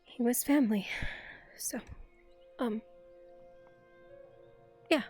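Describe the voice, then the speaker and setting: A woman playing a hesitant young woman in grief during a live role-play, speaking softly and haltingly. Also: a little high, husky, faint music behind, exaggerated voice. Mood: subdued. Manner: soft, hesitant, subdued.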